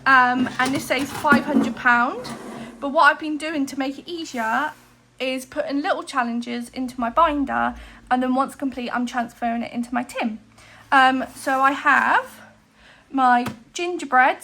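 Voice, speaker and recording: A woman's voice: high-pitched, a little slow, pushed and bright, slight background noise. A woman, chatting casually to camera as a budgeting vlogger, rambling with many fillers and asides. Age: 20s. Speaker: cash stuffing vlogger.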